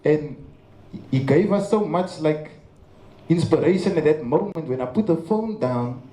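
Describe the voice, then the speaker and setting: A man's voice: on the high side, lively intonation, a little slow, warm tone. Earnest Cape Town man, echoey hall. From South Africa. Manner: earnest storytelling with stammers. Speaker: memorial speaker. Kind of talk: memorial tribute speech. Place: large memorial venue. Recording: echoey hall with faint ambience.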